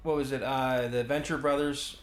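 A man co-hosting a podcast, casually commenting on a film as he watches, talking in halting stops and restarts. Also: medium pitch, little pitch movement. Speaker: podcast co-host. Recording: roomy echo, faint noise.

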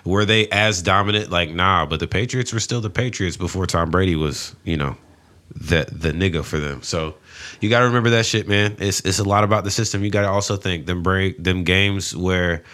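Low-voiced laid-back podcast man. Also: a little fast, a bit bright. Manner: laid-back, profane, mumbling restarts. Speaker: podcast co-host. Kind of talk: casual chat.

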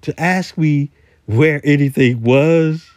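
Rambling man with a mellow voice. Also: fairly high pitch, takes it slowly, dry recording. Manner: rambling, repeats words, animated complaining. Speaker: retail store worker. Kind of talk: casual voice-message storytelling.

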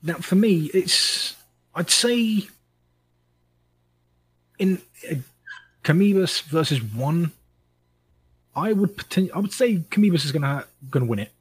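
Man, husky raspy voice, casual podcast co-host, rambling and self-correcting. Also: fairly high pitch, lively intonation, measured pace, long pauses, low-quality recording. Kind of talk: casual chat.

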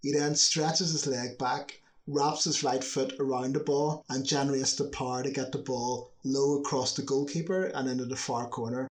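A man's voice: mid-range voice, fairly even intonation, moderate pace, hardly any pauses, a little hiss or hum. A man narrating football history in a chatty scripted style, with wry asides.

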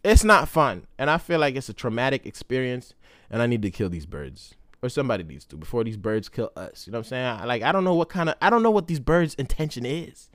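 A young man hosting a casual solo podcast, telling stories in a profane, slangy, animated way. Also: medium pitch, fast, no echo, studio quality. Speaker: podcast host.

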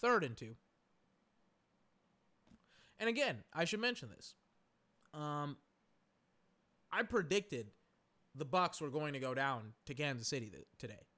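Pauses stretch long as a young man, expressive and a little slow, comments on a game live for his podcast from a recliner at home. His fairly high voice is pushed and bright, and he rambles in exasperation with plenty of fillers and swearing.

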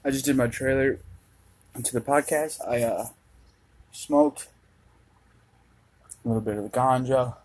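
Husky-voiced young man rambling on a podcast. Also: mid-range voice, steady tone, a little slow, pauses often, darkish tone, rough recording. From Minnesota. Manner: rambling, profane, laid-back. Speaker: podcast host. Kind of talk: casual solo podcast monologue. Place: dark room at home with a fan running.

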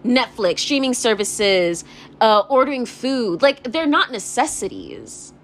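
A woman's voice: on the high side, sing-song, a little hiss or hum. A young woman delivering a vlog rant, profane and frustrated, with a constant stream of "like" fillers. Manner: rapid, profane, filler-heavy ranting with constant "like". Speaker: vlogger. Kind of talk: ranting vlog monologue.

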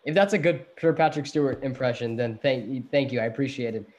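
A man's voice: mid-range voice, quick pace, dull audio, background noise. Playful podcast co-host, a man. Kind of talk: casual chat.

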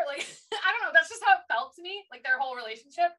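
A woman co-hosting a casual book podcast, her voice bright and forceful. She talks chattily and slips into playful put-on voices when quoting characters. She sits a little back from the microphone. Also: very high voice, lively intonation, fast talker, recorded from a distance, rough recording. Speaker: podcast co-host.

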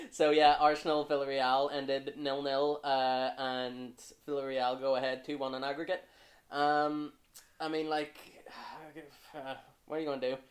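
A man's voice: mid-range voice, measured pace. A man hosting a football podcast, chatting casually with lots of fillers and the odd swear. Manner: relaxed, lots of fillers, swears when annoyed. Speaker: podcast host.

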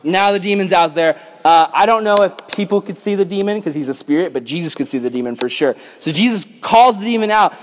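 A slightly high-voiced man leads a casual Bible lesson for a youth group. He jokes, rambles and goes off on tangents between the verses. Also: animated, quick pace, hardly any pauses, a little hiss or hum. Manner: goofy, joking, rambling. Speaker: youth pastor.

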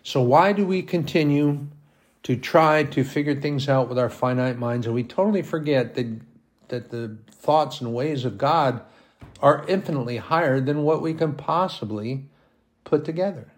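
At home with his dogs, a man in a mid-range voice preaches a sermon at a moderate pace, reading scripture aloud and posing emphatic rhetorical questions.

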